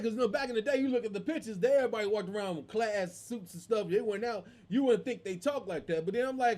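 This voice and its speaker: A man's voice: high voice, quick pace. A man in his forties, a comedian hosting his own show in a casual, slangy monologue. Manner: animated, slangy, tosses in "man".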